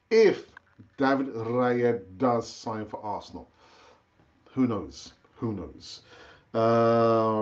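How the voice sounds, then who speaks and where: A man hosting a casual live-stream football chat, chatty and animated, rambling with fillers and restarts, his pitch jumping up when he gets excited. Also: lo-fi sound. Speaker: football channel host.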